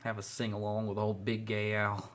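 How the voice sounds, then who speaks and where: A man's voice: fairly low pitch, completely flat delivery, normal speed. A man reviewing show clips with mocking, profane commentary. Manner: mocking, heavy swearing. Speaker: movie reviewer. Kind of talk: sarcastic commentary over clips.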